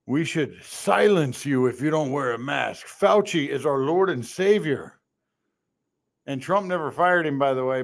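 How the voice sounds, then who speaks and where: Animated, high-voiced male podcast host. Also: measured pace, pauses often. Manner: animated, sarcastic ranting with mocking impressions. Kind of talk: live political talk show monologue.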